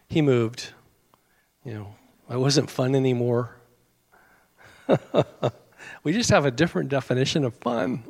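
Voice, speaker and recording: A man's voice: medium pitch, normal speed, pauses often. A middle-aged American man preaching a sermon in a conversational way, with asides to his congregation and small chuckles. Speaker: pastor.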